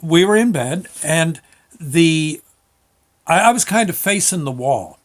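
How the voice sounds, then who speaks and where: An older man telling a personal memory in a casual, halting way, with many restarts and an amused tone. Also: a little high, animated. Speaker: storyteller recalling a memory. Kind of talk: casual spoken recollection.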